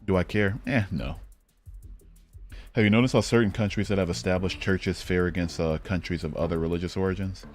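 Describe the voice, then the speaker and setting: A streamer from Michigan talks a little fast in a low-pitched, steady voice, with faint music behind him. His casual geography-game chat is blunt and profane, riddled with fillers as he thinks out loud.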